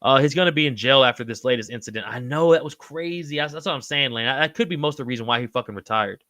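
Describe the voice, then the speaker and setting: A bright, forceful man's voice, sitting a bit above average pitch. He hosts a casual livestream, reading comments and giving loose, slangy shout-outs to his viewers. The sound is dry and close. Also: brisk, no echo. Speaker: livestream host.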